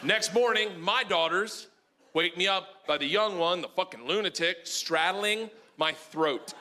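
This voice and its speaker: A middle-aged man doing a stand-up comedy set on a club stage, telling stories loudly and shouting his punchlines. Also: high voice, unhurried. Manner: loud, animated storytelling with shouted punchlines. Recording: live club audio with audience noise.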